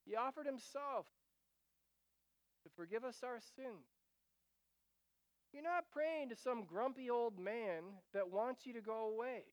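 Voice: medium pitch, a little slow, long pauses, clear, resonant tone, no room sound. A preacher giving an earnest sermon, reading scripture aloud and breaking off for casual asides and repeated phrases.

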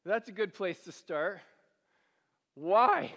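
A man's voice: sits high, expressive, slow, fairly bright tone. A male pastor preaching a sermon, earnest and pleading, drawing the congregation into reading along. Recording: long hall reverb.

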